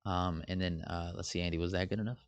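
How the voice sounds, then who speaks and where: A man's voice: low-pitched, fairly even intonation, fast, no room sound, dull audio. A man co-hosting a podcast in casual chat, joking and rambling, swearing freely. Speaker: podcast co-host.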